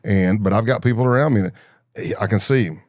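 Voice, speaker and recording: A man's voice: fairly low pitch, fairly quick, no echo, studio quality. A middle-aged man from the American South, telling long stories as a podcast guest and acting out the voices of people he quotes. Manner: animated storyteller, acts out quoted voices. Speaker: podcast guest, former undercover agent. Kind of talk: storytelling interview.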